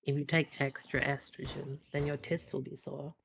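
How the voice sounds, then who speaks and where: Deadpan, crude-joking chat guest. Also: mid-range voice, moderate pace, vocal fry, a little hiss or hum. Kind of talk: casual chat.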